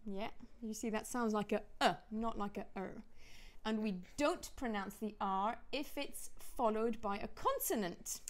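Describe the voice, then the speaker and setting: A woman's voice: a little high, normal speed, hardly any pauses. A woman with a Southern British accent, explaining pronunciation as an accent teacher in a scripted lesson dialogue. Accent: Southern British English. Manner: clear, explanatory, demonstrating sounds.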